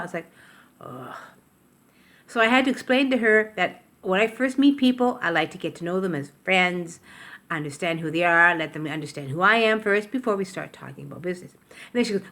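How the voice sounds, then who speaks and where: A woman's voice: medium pitch, lively intonation, brisk, fairly bright tone. Chatty older woman vlogging from her kitchen. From Canada. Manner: chatty, rambling, self-interrupting. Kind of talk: casual chat to camera. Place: home kitchen. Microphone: tablet camera.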